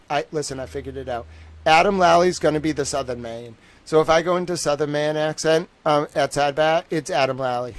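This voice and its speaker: A man with a Boston accent hosting a livestream, giving casual, animated, slangy commentary on a court trial and repeating his jokes. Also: fairly high pitch, no echo. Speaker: livestream host.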